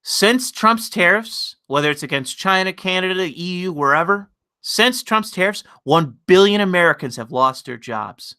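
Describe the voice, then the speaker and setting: A male livestream host rants casually, mixing profanity with mockery as his thoughts ramble on. His voice sits slightly high for a man. It comes across bright and forceful. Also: animated, moderate pace, clean tone. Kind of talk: casual ranting commentary.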